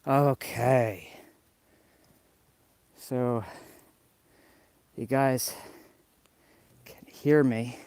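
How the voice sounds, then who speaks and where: A man's voice: medium pitch, fairly even intonation, drawn-out words, long pauses, a little mellow, clean tone, no room sound. A man from New York hosting a casual live vlog outdoors in the snow, chatty and a little out of breath as he walks. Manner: rambling, chatty, talks to viewers. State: slightly out of breath. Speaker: livestream host.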